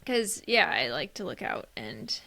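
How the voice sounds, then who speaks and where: A woman's voice: deep voice, very animated, unhurried, vocal fry, pushed and bright, no room sound. A woman co-hosting a podcast in casual chat, bubbly and chatty, laughing often. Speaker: podcast co-host.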